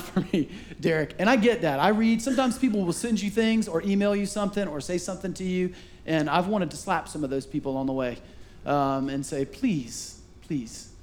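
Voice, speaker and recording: High-voiced storytelling pastor. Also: male voice. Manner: animated storytelling with acted-out voices. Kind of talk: sermon. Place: church sanctuary.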